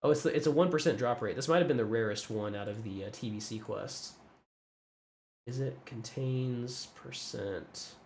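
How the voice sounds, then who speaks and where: A man's voice: medium pitch, moderate pace, a little hiss or hum. A man streaming a game and chatting casually, thinking aloud and restarting his sentences as he reads through a list of items. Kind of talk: casual gameplay commentary.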